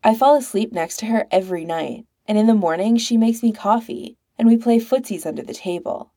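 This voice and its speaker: A woman's voice: mid-range voice, fairly quick, warm tone, pitched above the performer's own voice, close to an everyday voice. A woman voicing a dry, knowing young married man hinting at something. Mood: pointed.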